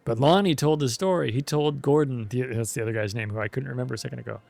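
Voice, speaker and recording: A man's voice: medium pitch, fast, vocal fry, a little mellow. A man giving casual, laid-back commentary as he plays a story game. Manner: laid-back, chatty, says dude and jeez. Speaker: let's play host.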